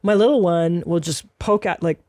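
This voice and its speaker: A woman's voice: on the low side, moderate pace, a little mellow, no echo, clean studio sound. A woman co-hosting a casual comedy podcast, blunt and crude with a jokey edge. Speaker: podcast co-host.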